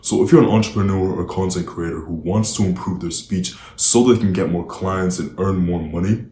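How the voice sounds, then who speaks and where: A man with a deep, warm voice coaches the listener on speaking. He drives his points home emphatically, rushing ahead and then dropping to slow, weighty words. His voice rings in a roomy, echoing space. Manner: emphatic, varies speed and volume for weight. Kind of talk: direct-to-camera coaching talk.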